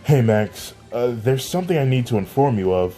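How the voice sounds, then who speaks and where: Man as nervous polite teen boy, soft, stammers, fan audio story. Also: medium pitch, animated, normal speed, soft background music, close to an everyday voice. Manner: soft-spoken, hesitant, stammers.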